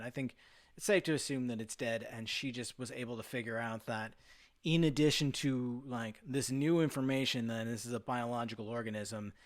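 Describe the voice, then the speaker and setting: A man, a guest on a podcast, talking casually and at length, with plenty of fillers and the odd swear. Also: medium pitch. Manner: rambling, many fillers, swears. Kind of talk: casual chat.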